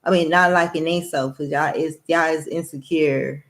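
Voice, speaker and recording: A woman's voice: sits low, fairly even intonation, normal speed, a bit bright. Blunt, profane woman venting on camera. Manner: blunt, rambling, heavy profanity. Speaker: vlogger. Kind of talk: candid personal monologue.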